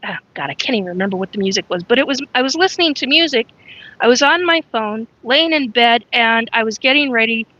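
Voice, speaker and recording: A woman hosts a casual live stream, talking in a rambling, frank way and stopping to greet viewers by name. Her voice sits a little high and sounds bright and sharp. The recording is dry and somewhat dull, with a lo-fi edge. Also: dry recording. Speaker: livestream host.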